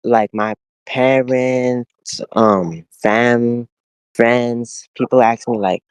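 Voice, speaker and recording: A man's voice: medium pitch, steady tone, drawn-out words, smooth, no room sound. A young man co-hosting a casual podcast from his backyard, talking in a laid-back, thoughtful way with many fillers. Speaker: podcast co-host. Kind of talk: casual chat. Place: backyard at home, outdoors.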